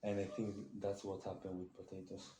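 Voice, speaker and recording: A man vlogging to camera during his workout in a gym, speaking halting non-native English full of restarts. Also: low-pitched, monotone, reverberant, noisy background. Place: gym, indoors.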